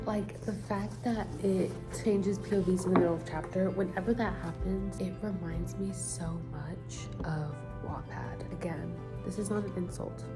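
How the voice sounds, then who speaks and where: A woman's voice: fairly low pitch, steady tone, moderate pace, few pauses, loud music behind the voice. A woman in her early twenties chatting casually in a book vlog, full of "like" fillers. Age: early 20s. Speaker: book vlogger. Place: at home early morning, later outdoors at school.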